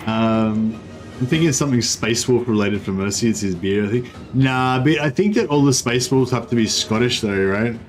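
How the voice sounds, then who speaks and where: A man's voice: mid-range voice, moderate pace, soft background music, low-quality recording. A man streaming a strategy game, commenting casually in a rambling, self-interrupting way and swearing now and then. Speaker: gaming streamer. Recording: steady background noise.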